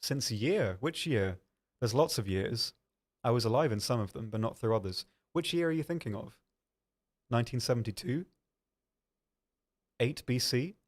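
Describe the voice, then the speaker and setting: With an animated, mid-range voice at normal speed, a young man pauses often while hosting his live stream. He reads chat questions out loud and responds casually, often saying um and making jokes at his own expense.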